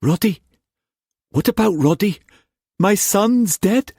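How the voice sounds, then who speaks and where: A man voicing an anxious, excitable middle-aged merchant uncle in an audiobook, speaking raised and urgent. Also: high voice, slow, slightly rough, dry recording, studio quality, pitched above the performer's own voice, exaggerated voice. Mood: anguished. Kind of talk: audiobook character voice.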